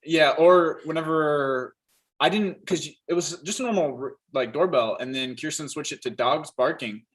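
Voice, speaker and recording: A man's voice: a little high, normal speed, rough recording. A man co-hosting a live stream, chatting casually and acting out funny stories with little put-on voices. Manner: animated storyteller, acts out lines in voices. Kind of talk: casual chat.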